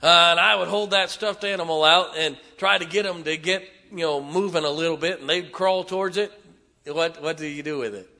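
A middle-aged man preaching a sermon, telling folksy stories and swinging from hushed asides to loud, emphatic lines. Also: on the high side, a little fast. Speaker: pastor.

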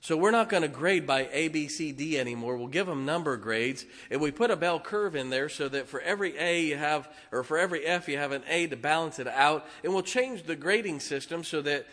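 A male preacher with a drawl delivers his sermon in a forceful, bright-edged voice pitched a little above the usual. He talks folksy and emphatic, tossing jokes between his points. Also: animated, a little fast, few pauses.

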